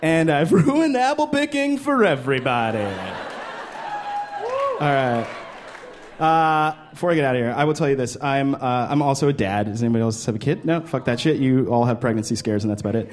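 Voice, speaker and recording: A man in his thirties performing a stand-up comedy set on a club stage into a handheld mic, animated and jumping into character voices. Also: a little fast, a faint crowd, a little hiss or hum. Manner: animated, jumps into high-pitched character voices.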